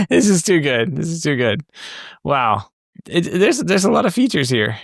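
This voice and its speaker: A man hosting a casual tech podcast, excitable and laughing often as he reads things aloud. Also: fairly high pitch, unhurried, gravelly, no room sound, clean studio sound. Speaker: podcast host.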